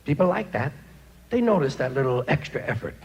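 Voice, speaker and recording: A man's voice: medium pitch, sing-song, a little fast, vocal fry, darkish tone, lo-fi sound, a little hiss or hum. A man performing a stand-up comedy routine on stage with a wry, sardonic delivery, recorded live in front of an audience. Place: stage before a laughing audience.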